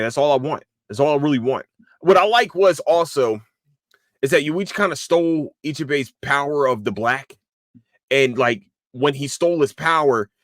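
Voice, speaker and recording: A man hosting a casual solo podcast, excitable, swearing often and restarting his sentences with lots of fillers. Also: medium pitch, no room sound, clean studio sound. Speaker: podcast host.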